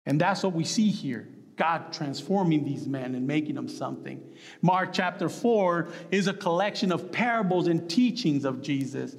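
A man preaching a sermon to a group of men, animated and acting out the voices of the people in his story. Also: fairly high pitch, moderate pace. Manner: animated, acts out quotes with voice jumps. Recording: long reverb of a hall.

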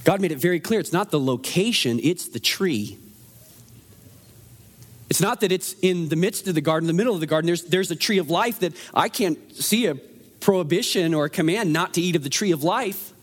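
Guy preaching a sermon, pretty high voice, chatty and animated, lots of rhetorical questions. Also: fairly quick. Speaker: pastor.

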